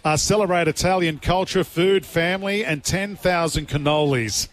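Australian male talkback host, a touch high-pitched, combative, quips between rants. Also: moderate pace. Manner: blunt, combative, jokey asides. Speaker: breakfast radio host. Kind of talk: talkback radio commentary. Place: radio studio.

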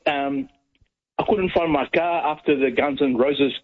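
A friendly, hesitant man from Mauritius whose first language is French calls in to radio. His voice is a little husky and the line sounds dull. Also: on the high side, moderate pace. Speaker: caller.

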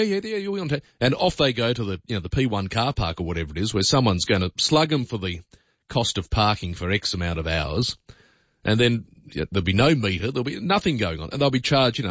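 An Australian man hosts talkback radio in a rambling, opinionated chat full of fillers. His voice sits on the low side and sounds dry and close. The broadcast audio is dull and lo-fi. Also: a bit bright, breathy edge, no room sound.

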